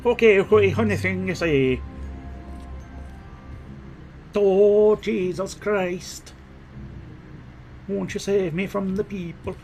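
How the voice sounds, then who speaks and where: A man's voice: sits high, voice pushed up. A man voicing a frightened old Irish priest, his put-on brogue wobbling and slipping into other accents. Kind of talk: reading game dialogue aloud.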